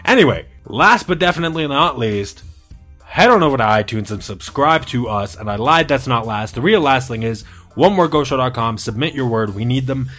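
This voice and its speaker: A man's voice: medium pitch, lively intonation, normal speed, a bit bright, faint music behind. A man hosting a podcast in casual banter, teasing his co-hosts and laughing often. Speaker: podcast host.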